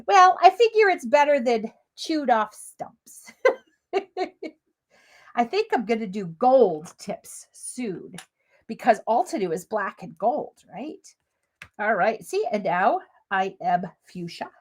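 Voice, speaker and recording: Chatty high-voiced woman hosting a craft stream. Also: lively intonation, slow. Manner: chatty, gushing, addresses viewers directly. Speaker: crafting livestream host. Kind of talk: casual live crafting demo.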